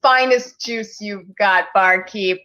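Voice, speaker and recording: A woman playing a character in a tabletop game, brash and playful, and quick to swear. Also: mid-range voice, bright, forceful tone, poor audio. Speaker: player.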